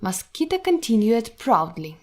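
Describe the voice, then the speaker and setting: A woman reading a children's fairy tale aloud as narrator, in an expressive storybook manner. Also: fairly high pitch, unhurried.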